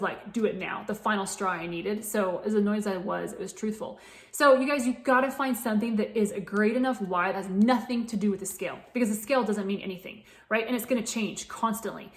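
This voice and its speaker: A woman's voice: medium pitch, fast talker. A woman in her late thirties, a fitness coach, telling her own story in a candid, chatty way. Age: 30s. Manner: candid and chatty, many restarts. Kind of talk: personal story told to camera. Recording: echoey room.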